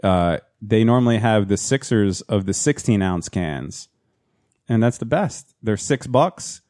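A man's voice: fairly low pitch, lively intonation, a little slow, darkish tone, no room sound, studio quality. A man chatting crudely with friends on a podcast, telling a long story with plenty of swearing. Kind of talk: casual chat.

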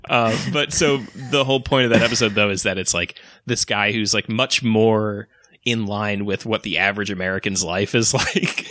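Bright-voiced man in casual chat. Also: on the low side, normal speed, no room sound, studio quality. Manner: rambling, animated, often laughing. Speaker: podcast co-host.

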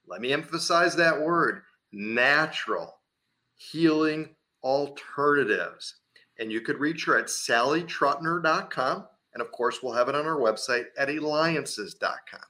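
A man's voice: on the high side, pushed and bright. A man hosting an interview show, enthusiastic and a bit rambling. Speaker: host.

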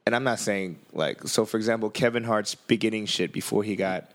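A man hosting a podcast speaks in a fairly low voice. He talks in halting casual chat, filling gaps with "like" and "uh" as he thinks aloud. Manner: halting, full of "like" and "uh". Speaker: podcast host.

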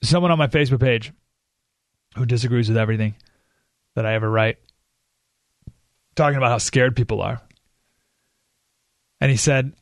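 A man's voice: medium pitch, normal speed, long pauses, dry recording, studio quality. A man hosting a political talk radio show, speaking emphatically and sarcastically. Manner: emphatic, sarcastic, with short laughs.

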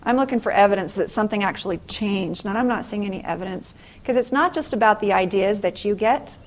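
A middle-aged woman speaking to an audience in an inspirational faith-based talk, telling stories in an earnest, animated way. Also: medium pitch, quick pace, low-quality recording.

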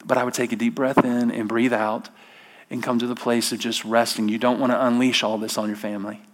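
A man voicing the Holy Spirit as a calm inner voice, speaking softly and low. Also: brisk, lightly acted. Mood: soothing. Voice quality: soft, near-whispered.

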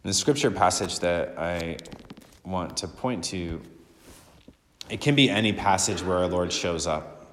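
Low-voiced priest preaching in an echoing church. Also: male voice, animated, unhurried, pauses often, a bit bright, slight background noise. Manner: earnest and conversational, repeats phrases for emphasis. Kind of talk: sermon.

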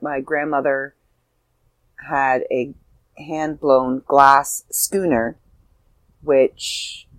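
A woman's voice: very deep voice, no room sound, rough recording. An older woman, an author, telling a heartfelt personal story in a casual, rambling way with fillers and restarts.

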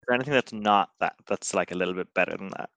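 A man's voice: low voice, quick pace, a bit bright, no room sound. Playful rambling player, man. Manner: rambling, playful, many fillers. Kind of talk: casual tabletop play.

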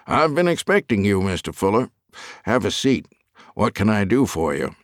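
A man's voice: lowish voice, big pitch swings, normal speed, no room sound, clean studio sound. A man voicing a formal male prison warden in an audiobook, polite and businesslike.

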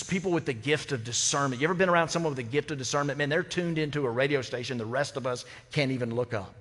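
A man's voice: mid-range voice, fairly bright tone. A man in a mid-range voice preaches to his congregation, easygoing and playful, asking the room questions as he goes. His words carry a long reverb off the walls of a church sanctuary. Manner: conversational, humorous preaching with rhetorical questions. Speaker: pastor. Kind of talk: sermon. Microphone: microphone.

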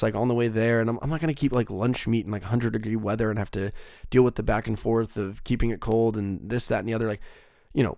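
Gravelly-voiced young man rambling. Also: medium pitch, a little mellow, dry recording, studio quality. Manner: rambling, profane, lots of fillers and restarts. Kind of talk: casual storytelling monologue.

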